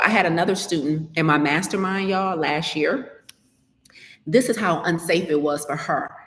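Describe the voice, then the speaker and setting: A woman coach gives a live podcast keynote in a chatty, conversational way and talks straight to her listeners. Her voice sits fairly low, and a long reverb trails behind it. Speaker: health and business coach, podcast host.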